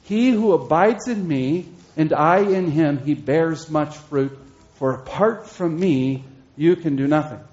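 A man preaching an expository sermon, slowing down and repeating key phrases for emphasis. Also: fairly high pitch, a little mellow. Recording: dull lo-fi sermon recording.

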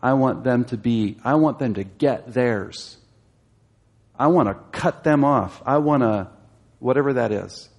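A man's voice: medium pitch, a little slow, darkish tone. A man teaching a Bible study class, explaining a passage and asking his listeners questions, growing emphatic as he exhorts.

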